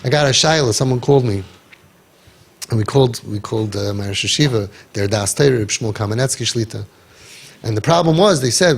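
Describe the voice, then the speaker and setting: A man guiding parents in an impassioned talk, forceful and sarcastic, peppering his speech with Hebrew and Yiddish terms. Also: mid-range voice, fairly quick, gravelly, slightly rough. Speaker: parenting guide.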